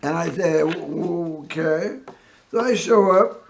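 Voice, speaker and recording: A man hosting a local TV show, telling a personal story in a rambling way and often clearing his throat. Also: fairly high pitch, measured pace, a little hiss or hum. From Northern California. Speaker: host.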